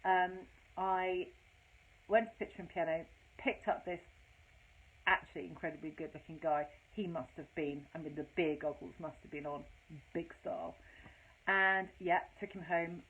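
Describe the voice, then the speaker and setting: A woman's voice: lowish voice, fairly even intonation, normal speed, fairly bright tone, breathy edge. A woman in her fifties, hosting a casual live broadcast, telling stories candidly and self-deprecatingly, with lots of swearing and rambling fillers. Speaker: host of a live storytelling broadcast. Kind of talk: casual anecdotal storytelling. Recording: tinny phone-like audio.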